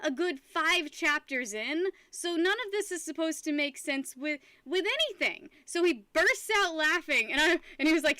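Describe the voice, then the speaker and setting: A young woman chats with her stream audience in a high, bright voice. She tells stories in a rambling, animated way and laughs often. The sound is dry and close, with little room echo. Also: moderate pace, hardly any pauses. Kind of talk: casual chat with live stream viewers.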